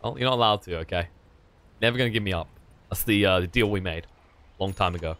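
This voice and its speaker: A man casting a live video game match with rapid, excitable play-by-play. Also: deep voice. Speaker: esports caster.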